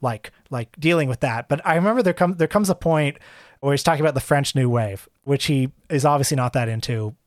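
A man's voice: mid-range voice, fairly quick, no echo, clean studio sound. A man co-hosting a casual film podcast, talking emphatically with frequent restarts and swearing. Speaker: podcast co-host.

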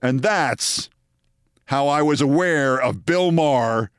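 A man in his sixties, a podcast host, telling a story in an emphatic, theatrical way with loud bursts. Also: mid-range voice, slow, smooth, no room sound, clean studio sound. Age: 60s. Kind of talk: storytelling monologue.

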